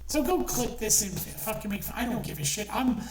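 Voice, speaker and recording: A woman's voice: on the high side, big pitch swings, a little fast. A middle-aged woman delivering an angry, profane rant as an online commentator, heated and repetitive. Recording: echoey room, distant from mic, faint noise.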